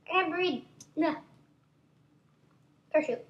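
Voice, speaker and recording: A woman giving excitable, chatty gameplay commentary as a gaming channel host, constantly exclaiming at what happens on screen. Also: very high voice, slow pace, muffled recording.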